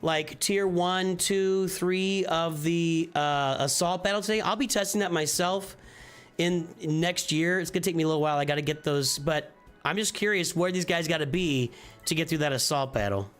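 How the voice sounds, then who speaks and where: Casual man with a slightly high voice. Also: normal speed, fairly bright tone, clear, resonant tone. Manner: casual, thinking aloud with restarts and repeated phrases. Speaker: streamer reviewing game rosters. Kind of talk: live-stream commentary. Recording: faint music behind.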